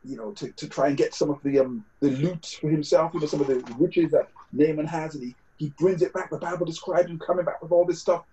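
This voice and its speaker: A man's voice: on the high side, fairly even intonation, brisk, hardly any pauses, mellow, low-quality recording. A man with a British accent preaching a sermon over a video call, conversational, with scripture quotes and fillers. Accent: British English.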